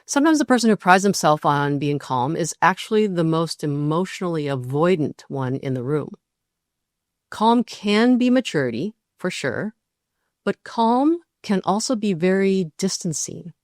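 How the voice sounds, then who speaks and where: Steady measured woman, dry close sound. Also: lowish voice, no echo. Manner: measured, steady, acts out quoted partners in brief voices. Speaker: relationship podcast host. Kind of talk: calm explanatory monologue.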